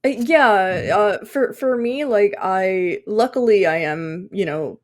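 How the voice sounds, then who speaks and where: A woman's voice: medium pitch, takes it slowly. A young woman in her twenties telling stories in a casual podcast chat. She swears freely and fills her talk with fillers. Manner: animated storytelling, swearing, frequent fillers. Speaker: podcast guest.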